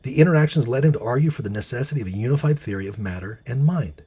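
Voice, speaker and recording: A man's voice: mid-range voice, racing, dark tone, slightly rough. A man hosting a casual monologue, musing with many fillers and restarts and reading out bits of articles. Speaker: host.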